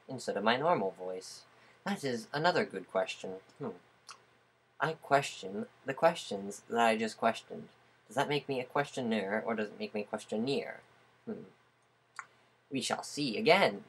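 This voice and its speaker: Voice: mid-range voice, lively intonation, normal speed, husky. A playful speaker in a small indoor room on a webcam mic, trying out different voices and asking rhetorical questions aloud. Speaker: vlogger. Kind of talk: casual webcam vlog, testing different voices.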